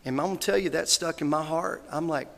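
A man preaches a funeral sermon in an earnest, folksy way. His voice is gravelly with a bright, forceful edge. It rings out with the long reverb of a church hall. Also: a little high, fast. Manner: earnest, folksy, quotes scripture and others with rising emotion. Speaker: minister giving a funeral eulogy. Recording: hall reverb, faint background noise.

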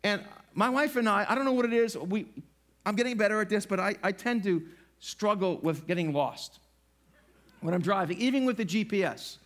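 Middle-aged guy preaching in church, high voice, lively, does little voices. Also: normal speed. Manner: animated, acts out little voices. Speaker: pastor. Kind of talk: sermon. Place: church sanctuary.

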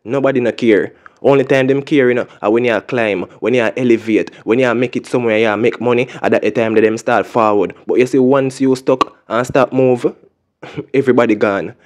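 A man with a Jamaican accent casually reviewing a dancehall song, often asking "you see me?" and chuckling. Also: mid-range voice. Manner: laid-back, repeats "you see me", chuckles. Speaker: music reaction reviewer.

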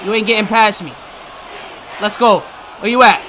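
A man giving live commentary on his own football video game match, trash-talking and cursing at his online opponent and often yelling. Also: high voice, normal speed, a crowd in the background, noisy background. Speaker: gaming YouTuber.

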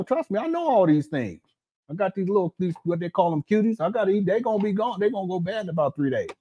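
A man hosting an offhand commentary, joking and teasing as he talks over a meal. His voice sits a little high for a man, loose and chatty. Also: sing-song, fast talker, breathy edge, highs cut off. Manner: joking, laughing, mocking asides; talks while eating. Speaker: commentary channel host. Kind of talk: casual reaction commentary.

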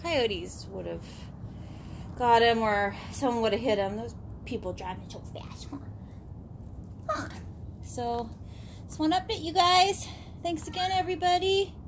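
Out of breath rescue lady, high voice, slow baby talk to a dog, noisy outside. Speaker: animal rescuer. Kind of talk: casual vlog update.

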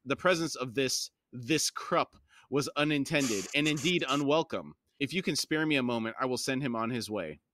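A man's voice: medium pitch, animated, normal speed, few pauses, fairly bright tone, close to an everyday voice. A man reading the part of a stern, formal male city councillor, clipped and exasperated.

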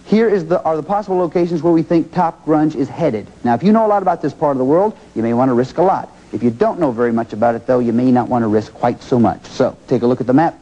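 A man hosting a TV game show, energetic and encouraging, repeating each contestant's answer. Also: mid-range voice, quick pace, hardly any pauses, lo-fi sound.

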